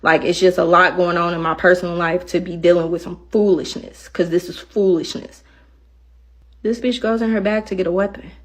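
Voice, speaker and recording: A woman telling a personal story in a blunt, profane and animated way, acting out the other side of the dialogue. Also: lowish voice, a little fast. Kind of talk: casual storytelling.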